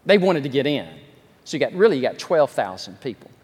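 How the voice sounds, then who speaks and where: A man preaching a sermon as pastor, telling stories with animated energy and self-deprecating asides. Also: mid-range voice, a little fast, husky. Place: large church sanctuary. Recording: long reverb of a large hall.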